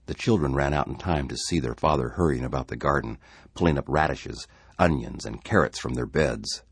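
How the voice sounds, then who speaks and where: A man reading a story aloud in a dramatic, expressive way. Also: extremely low pitch, normal speed, gravelly, breathy edge, no echo. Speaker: narrator.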